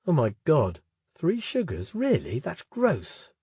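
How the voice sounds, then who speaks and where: A man's voice: on the high side, huge pitch swings, slow pace, mellow, breathy edge, no room sound, pitched above the performer's own voice, exaggerated voice. A man voicing a mild, tidy young male student who speaks in a matter-of-fact way. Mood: light.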